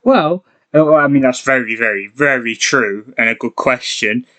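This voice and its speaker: A man's voice: medium pitch, normal speed, bright, forceful tone. A young man co-hosting a casual podcast, chatty and self-deprecating, laughing often. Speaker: podcast co-host.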